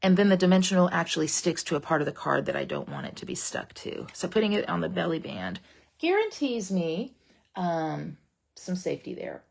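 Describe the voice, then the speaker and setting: A woman's voice: fairly low pitch, wildly swooping pitch, fairly quick, creaky. A woman demonstrating a papercraft project in a casual, folksy tutorial livestream, chatting straight to her viewers.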